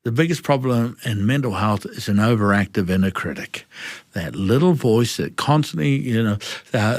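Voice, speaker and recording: A man's voice: medium pitch, dry recording, clean studio sound. A middle-aged man with a New Zealand accent, a guest speaking frankly in an interview and acting out the dialogue of his stories. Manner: animated storyteller acting out dialogue. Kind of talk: candid interview storytelling.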